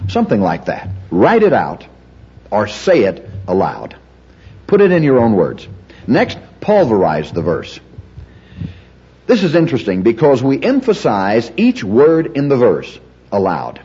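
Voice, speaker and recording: A man's voice: fairly low pitch, wildly swooping pitch, normal speed, mellow, breathy edge. A man preaching a teaching sermon on Bible study, emphatic and repetitive, shifting the stress from word to word. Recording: dull lo-fi recording.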